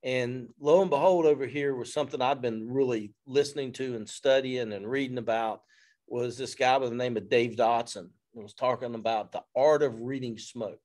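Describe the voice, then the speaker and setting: A man, a fire service instructor telling a story in an interview in an animated, self-deprecating way. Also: mid-range voice, normal speed.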